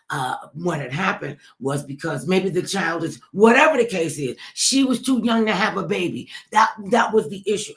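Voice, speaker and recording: A woman talk show host delivering an emphatic political commentary monologue, repeating herself and addressing listeners directly. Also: on the low side.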